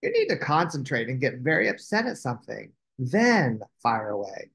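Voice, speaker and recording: A man voicing a practical, helpful male knight in a storybook read-aloud, brisk and coaching. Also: mid-range voice, huge pitch swings, creaky, a bit bright, full character voice.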